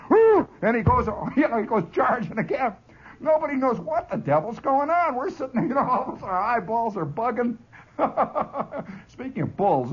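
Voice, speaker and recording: A man hosting a radio show, telling a long story in an animated, chuckling monologue, on a dull 1970s broadcast. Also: sits high, husky. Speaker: radio host.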